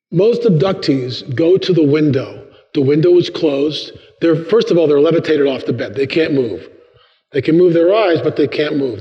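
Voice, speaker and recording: A man giving a humorous church talk as a guest speaker, acting out quotes with big jumps in his voice. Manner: animated, acts out quotes with big pitch jumps. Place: large church hall. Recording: long hall reverb, dull sound.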